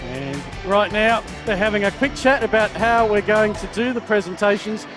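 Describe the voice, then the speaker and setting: A man calling a local football broadcast as play-by-play commentator, speaking in a measured way. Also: sits high, over music. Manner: measured, listing thank-yous.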